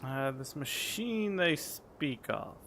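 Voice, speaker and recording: A man's voice: mid-range voice, sing-song, takes it slowly, creaky, a bit bright, a little hiss or hum. A man doing playful let's-play commentary over a game, joking and reading dialogue choices aloud. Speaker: game streamer.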